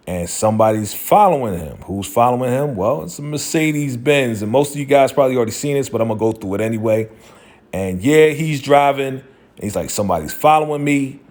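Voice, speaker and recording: A man casually recapping a TV episode, acting out the characters' lines in a loose, slangy way. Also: medium pitch. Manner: animated retelling, acting out quotes with slang. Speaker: TV show recap host.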